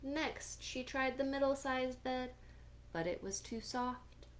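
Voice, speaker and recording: A woman librarian reading a picture book aloud for children at storytime, animated, gasping and asking listeners questions. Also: sits high, slow pace, a little hiss or hum.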